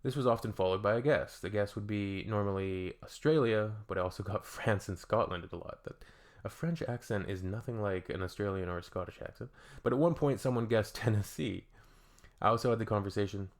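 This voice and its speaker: A man's voice: fairly low pitch, a little fast. A Canadian man hosting a reaction video, reading comments aloud and adding dry, joking asides in a casual tone.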